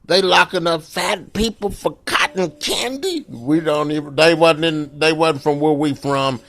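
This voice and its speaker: Bright-voiced man doing stand-up. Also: a little slow. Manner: breaks into shrill falsetto wailing for panicked bits; loose, rambling storytelling with frequent "you know". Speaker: stand-up comedian. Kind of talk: stand-up comedy set.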